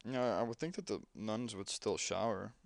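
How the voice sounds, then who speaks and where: A man's voice: lowish voice, normal speed, gravelly, no echo. A young man casually commenting while playing a game, chatty and rambling with lots of fillers. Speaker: gameplay commentator.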